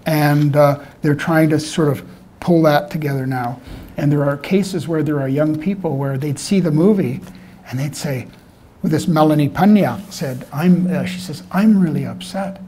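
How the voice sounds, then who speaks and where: Older man with a mellow, raised voice. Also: a little high, normal speed. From Canada. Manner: rambling, relaxed, full of "you know" fillers. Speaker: filmmaker answering audience questions. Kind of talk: casual storytelling Q&A. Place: lecture room at a library event.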